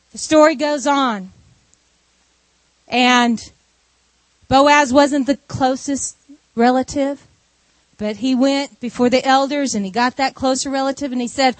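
A woman preacher delivering a sermon through an animated, conversational retelling of a story. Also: high-pitched, a little slow, pauses often, no echo.

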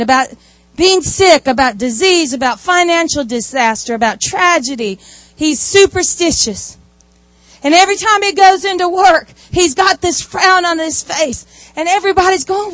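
A woman giving a sermon, telling stories in a lively way with asides. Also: sits high, dry recording. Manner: animated storytelling with asides. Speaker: preacher.

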